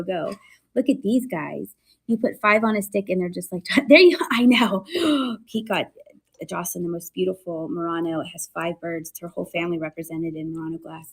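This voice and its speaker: Husky-voiced chatty woman seller. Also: fairly low pitch. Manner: chatty and excitable, laughs often. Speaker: live online seller showing thrift finds. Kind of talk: casual live-stream chat.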